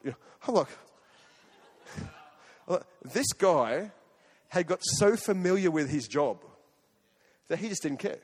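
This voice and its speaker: An Australian man preaching a sermon in an animated, conversational way, swinging between loud and hushed as he tells a story. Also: fairly high pitch, moderate pace, pauses often. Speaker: guest preacher. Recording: long hall reverb.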